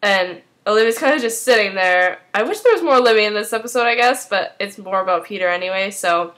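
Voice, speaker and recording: A woman's voice: mid-range voice, animated, fast, fairly bright tone. Chatty young woman rambling through a recap. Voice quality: rambling with many fillers, chatty. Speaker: fan recapping a TV episode. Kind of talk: casual spoken recap.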